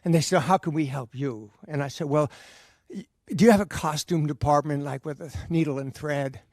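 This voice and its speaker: Older guy telling a funny story on stage, high voice, acts out the lines, dry sound. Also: fairly quick, no room sound. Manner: animated, acts out dialogue with shouts. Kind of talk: personal story told on stage. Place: theater stage.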